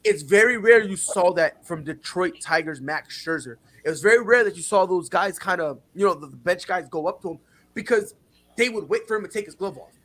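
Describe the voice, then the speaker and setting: A man's voice: high voice, fairly quick. A man hosting a casual sports talk show, telling stories and acting out what players said. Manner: animated storyteller, acts out players' quotes.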